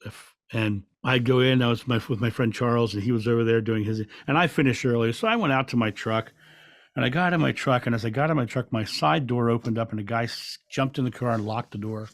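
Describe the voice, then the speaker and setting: Calm male podcast guest with a gravelly voice, dry sound, reflective storyteller who restarts often. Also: medium pitch, brisk, no room sound. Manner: calm, reflective, with frequent restarts and soft laughs. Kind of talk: relaxed storytelling in an interview.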